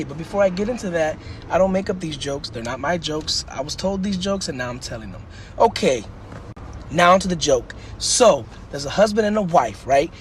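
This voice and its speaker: A man's voice: fairly high pitch, expressive, normal speed, slight background noise. A young man telling crude jokes in a loose, casual way, often asking if you know what he's saying. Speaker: TikTok joke teller.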